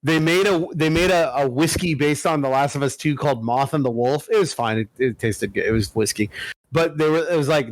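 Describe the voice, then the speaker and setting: A man co-hosting a podcast, telling a story in casual chat, animated and full of swearing. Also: a little high, a little fast, dry recording. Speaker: podcast co-host.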